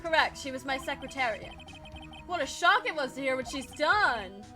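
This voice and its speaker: A woman's voice: high-pitched, big pitch swings, normal speed, music in the background. Red White, a woman doing a pompous, grandiose tycoon. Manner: grandiose, mangles big words. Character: pompous wordy male company president.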